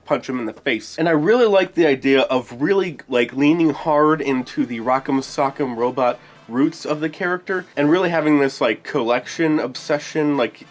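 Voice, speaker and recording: Male host of a tabletop game guide, mid-pitched, chatty and enthusiastic, thinks out loud. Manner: rambling, thinks aloud, enthusiastic. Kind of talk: casual game explanation.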